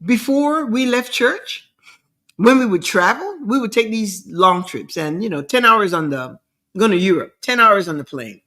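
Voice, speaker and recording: Slow, bright-voiced woman host rambling. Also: medium pitch, animated. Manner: rambling, repeats words, questioning and emphatic. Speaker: show host. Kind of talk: casual monologue.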